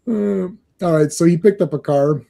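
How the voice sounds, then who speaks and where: A man with a slightly high, mellow voice talks comics on a casual podcast. He laughs often and slips into quoting comedy lines in put-on voices. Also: moderate pace, vocal fry. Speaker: podcast co-host. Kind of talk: casual comic book chat.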